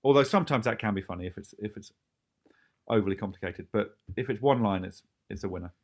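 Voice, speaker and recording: A man, the creator of a show, chatting casually about making it, quick and often laughing. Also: on the low side, slight background noise. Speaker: show creator talking about his series. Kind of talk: casual podcast chat.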